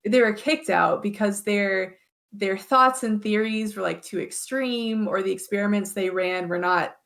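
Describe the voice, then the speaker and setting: Slow-talking gravelly woman. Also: mid-range voice, fairly bright tone. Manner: hesitant, laughs often, many fillers. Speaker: podcast co-host. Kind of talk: casual chat.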